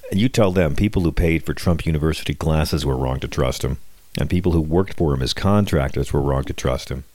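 Deep-voiced guy doing a snarky political podcast rant, dry close mic, keeps restarting his sentences. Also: darkish tone, no echo. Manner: sardonic, wisecracking, lots of restarts. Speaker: podcast host. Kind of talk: comedic political monologue.

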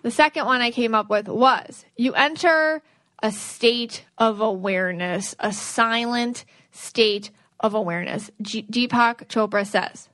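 A woman's voice: a little high, unhurried, a bit bright, dry recording. A woman hosting a podcast, giving spiritual advice in an earnest, rambling way that restarts sentences. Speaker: podcast host, aura reader.

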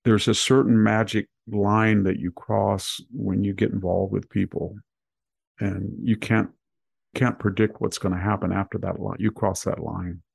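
A man's voice: on the low side, level tone, unhurried, creaky, a little mellow, slightly rough, dry recording, studio quality. A man hosting a casual news roundup, talking in rambling personal anecdotes. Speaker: podcast host.

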